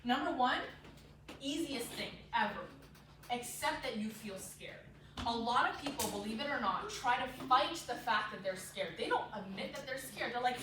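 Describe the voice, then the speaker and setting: Woman teacher, high voice, lively classroom delivery, recorded far off in a boomy room with noise. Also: moderate pace, heavy reverb. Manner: lively, tags lines with "right?", acts out quoted inner voices. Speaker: public speaking teacher. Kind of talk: classroom lecture.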